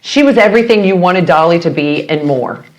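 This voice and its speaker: A woman guest in casual podcast chat, telling an anecdote with lively acted-out quotes. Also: fairly quick. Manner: animated storyteller, acts out quotes with big pitch jumps.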